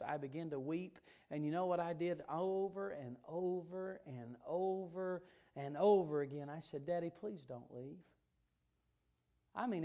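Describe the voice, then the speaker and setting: A man preaching an evening church sermon, earnest and emphatic, stressing and repeating key words. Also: fairly high pitch.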